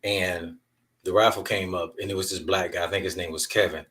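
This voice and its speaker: A man's voice: deep voice, steady tone, a little fast, fairly bright tone, recorded from a distance. A man hosting his own podcast, talking candidly and emphatically as he tells stories. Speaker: podcast host. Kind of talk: casual monologue podcast.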